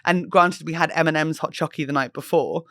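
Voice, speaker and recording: A young woman hosting a podcast, telling stories in a giggly, animated way and swearing casually. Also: low voice, a little fast, no room sound, clean studio sound. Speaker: podcast host and comedian. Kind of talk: casual chat.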